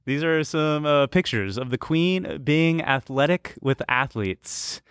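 Lively joking man co-hosting. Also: fairly high pitch, takes it slowly, smooth, dry recording, clean studio sound. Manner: joking, swears freely, lively delivery. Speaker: podcast co-host. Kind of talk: casual chat.

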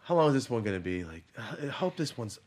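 A young adult man hosting a podcast, telling stories in a profane, animated way, moving from low muttering to loud bursts. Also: a little fast. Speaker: podcast host. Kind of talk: casual storytelling chat. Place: podcast studio.

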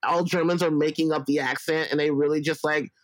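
A man's voice: on the high side, fairly even intonation, fairly quick, no room sound, rough recording. Playful, profane, rambling male guest from Alabama, dry close sound. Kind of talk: casual interview chat.

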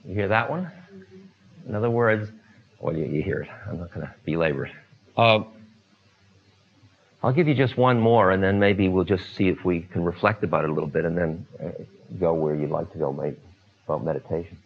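An older man, a spiritual teacher, spins stories in an unhurried, meandering way, pausing on fillers and asides. His voice sits fairly low. The recording is dull and lo-fi, like old archival tape. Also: husky. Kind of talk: relaxed storytelling talk.

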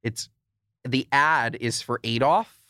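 A man co-hosting a podcast, chatting casually and joking with quick asides. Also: mid-range voice, bright, forceful tone, no echo, clean studio sound. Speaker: podcast co-host. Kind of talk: casual chat.

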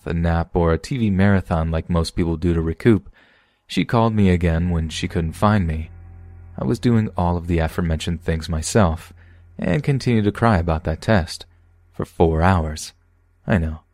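Low-voiced guy narrating a creepy true story, calm and even, dry close mic. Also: no echo. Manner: steady, measured first-person reading. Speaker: podcast narrator. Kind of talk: scripted horror story narration.

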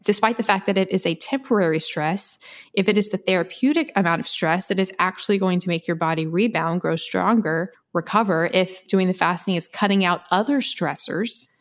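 A woman co-hosting a podcast, talking casually and quickly with frequent laughs and restarts. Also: fairly low pitch. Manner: chatty, fast, laughs often, many restarts. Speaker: podcast co-host.

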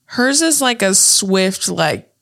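A young woman co-hosting a relaxed podcast, talking casually and often cutting in with movie quotes. Her voice is bright and sharp, her talk loose and peppered with swearing and laughter. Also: mid-range voice, slow, creaky. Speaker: podcast co-host. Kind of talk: casual chat.

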